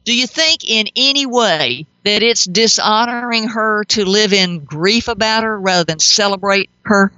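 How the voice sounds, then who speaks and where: Bright-voiced woman hosting a call-in show. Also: mid-range voice, unhurried, few pauses, dry recording, dull audio. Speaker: pet psychic radio host. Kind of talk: call-in advice talk.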